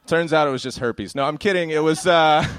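A young man doing stand-up storytelling, animated and laughing through his punchlines. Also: a little high, normal speed, slight background noise. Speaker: stand-up comedian.

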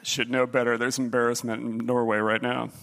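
A middle-aged man telling a comic personal story, animated, jumping into other voices and pitches as he goes. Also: brisk, vocal fry, slight background noise.

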